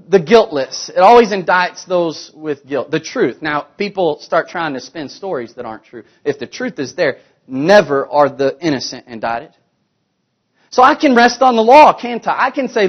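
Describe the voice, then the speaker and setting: A man preaching a sermon, asking rhetorical questions and swinging between emphatic, louder passages and hushed, quiet ones. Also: high-pitched, expressive, moderate pace, dull audio.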